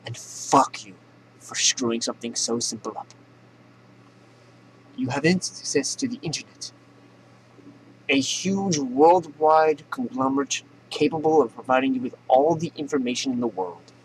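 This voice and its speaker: A man's voice: medium pitch, a little slow, slight background noise, low-quality recording. A man hosting a comedy news show, ranting sarcastically and profanely and laughing at his own jokes.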